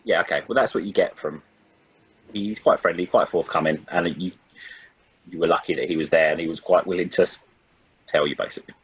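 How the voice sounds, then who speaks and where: A man's voice: low voice, fairly even intonation, fairly quick, long pauses, husky, muffled recording. A man running a tabletop game as game master, chatting casually and laughing often.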